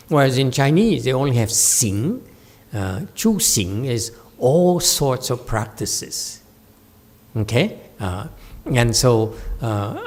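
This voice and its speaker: A man giving a Buddhist Dharma lecture, halting with fillers, often checking that listeners follow and teasing them now and then. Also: fairly low pitch, a little mellow. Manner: slow, halting with many fillers, asks listeners to confirm; playful teasing asides to the audience. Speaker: Buddhist teacher. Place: meditation center hall.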